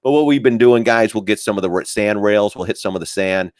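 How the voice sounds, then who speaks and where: Rambling, joking middle-aged man, low voice. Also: a little fast, no echo, studio quality. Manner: rambling and joking, swears casually, laughs often. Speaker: live-stream market host. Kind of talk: casual live-stream trading chat.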